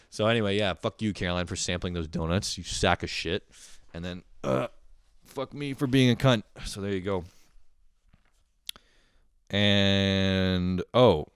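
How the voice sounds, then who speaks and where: A man's voice: low voice, normal speed, smooth, no echo, studio quality. A young man hosting a podcast, telling a profane comedic story and acting out family members in shifting voices. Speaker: podcast host.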